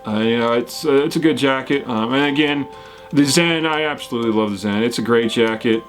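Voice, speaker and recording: A man's voice: medium pitch, fairly quick, soft background music. Rambling man answering viewer questions. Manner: rambling, many fillers and restarts. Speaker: whitewater kayaking channel host. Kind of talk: casual Q&A, reading viewer comments.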